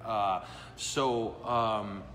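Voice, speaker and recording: This priest's voice is lowish, steady and fairly bright, delivered extremely slowly. He hosts a live Q&A in a brewery, chatting casually, joking about himself, and asking "okay?" and "right?". Long reverb and faint ambient noise are present.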